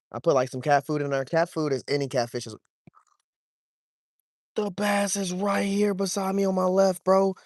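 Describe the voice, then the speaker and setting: A young man, talking to his chat while wading and fishing, swearing freely and getting excited over a fish. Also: on the high side, dry recording, studio quality. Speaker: fishing vlogger. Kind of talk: casual vlog narration while wading. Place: outdoors, wading in a shallow creek.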